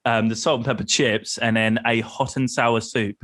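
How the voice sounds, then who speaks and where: A man's voice: mid-range voice, flat delivery, normal speed, a bit bright. A man from the United Kingdom, a guest on a casual podcast, telling stories chattily and acting out the dialogue. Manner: chatty storyteller, acts out dialogue, laughs a lot. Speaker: podcast guest, travel group leader.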